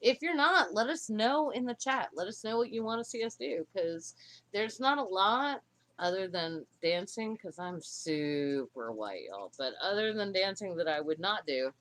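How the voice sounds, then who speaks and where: Woman co-host, fairly low voice, halting emotional speech, casual livestream chat. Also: very animated. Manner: halting, emotional, many restarts.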